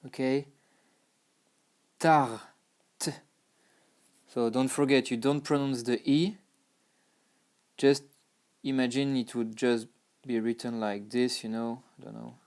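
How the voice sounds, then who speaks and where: Slow, smooth-voiced French man teaching. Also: medium pitch, little pitch movement, a little mellow. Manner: spells and repeats words slowly, with many fillers. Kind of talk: slow, patient language lesson.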